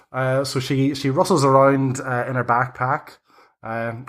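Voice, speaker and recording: A man narrating as game master in a tabletop game. He lays out the scene in a halting, unhurried way, stopping often and restarting his phrases. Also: medium pitch, fairly even intonation, a bit bright. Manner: halting, many ums and restarts.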